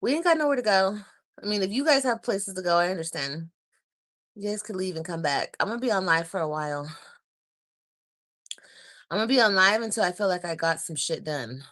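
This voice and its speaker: A woman's voice: mid-range voice, expressive, a bit bright, no echo, studio quality. A woman in her thirties chatting casually on a livestream, tired, talking in a weary, sighing way. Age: 30s. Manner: weary, sighing, drawn-out talk. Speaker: livestreaming vlogger.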